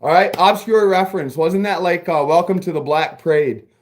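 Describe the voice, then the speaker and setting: A man with a somewhat high-pitched voice chats casually on a livestream as he works in a garage workshop. He rambles from one thing to the next, cracks jokes and swears freely, talking straight to his viewers. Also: normal speed. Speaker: livestream host. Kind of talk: casual livestream chat while working.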